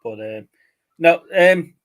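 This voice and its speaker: Man on a live stream, slightly high voice. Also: expressive, slow pace. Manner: swears freely, laughs often, repeats words when starting. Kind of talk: casual chat.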